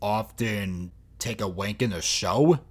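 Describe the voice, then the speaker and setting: A man's voice: lowish voice, slow pace. A man reviewing video clips in mocking, exasperated commentary, swearing often. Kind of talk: sarcastic commentary over clips.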